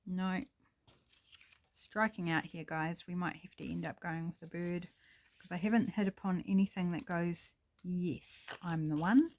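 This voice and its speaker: A woman's voice: fairly low pitch, flat delivery, normal speed, slight background noise. Chatty New woman crafting at home. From New Zealand. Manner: chatty and self-deprecating, apologizes and muses while working. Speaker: craft tutorial host. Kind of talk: casual crafting tutorial, thinking aloud.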